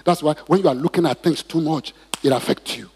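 A man's voice: a little high, a little fast, a little mellow, husky. A man preaching a sermon in church, asking the congregation questions and drawing responses. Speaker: pastor. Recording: reverberant hall.

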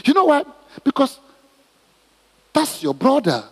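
A man's voice: very high-pitched, wildly swooping pitch, a little slow, big-room sound. A middle-aged man preaching a sermon as pastor, emphatic and repetitive, with stammered restarts.

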